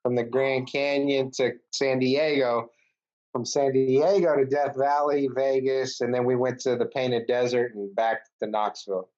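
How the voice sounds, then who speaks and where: A man's voice: medium pitch, flat delivery, unhurried, a little mellow. A man chatting casually as a podcast guest, with a laid-back, rambling way of telling stories and plenty of swearing. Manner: laid-back, loose storytelling full of filler and swearing. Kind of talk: casual chat. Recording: slightly dull lo-fi sound.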